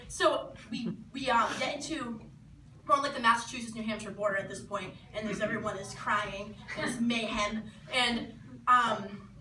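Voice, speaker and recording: A woman's voice: on the high side, normal speed. Teen woman telling a story on stage. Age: teens. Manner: animated, laughing, acting out quotes. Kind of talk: live personal storytelling. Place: small venue. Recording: roomy, distant mic with background noise.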